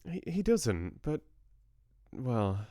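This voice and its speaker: A man's voice: mid-range voice, sing-song, very slow, dark tone, no echo, studio quality, pitched above the performer's own voice. A man voicing an earnest young woman who is a little self-conscious. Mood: unsure.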